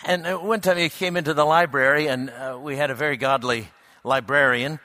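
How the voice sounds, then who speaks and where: Bright-voiced man preaching a sermon. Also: a little high, steady tone, no echo, clean studio sound. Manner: reflective, unhurried, with hesitant restarts.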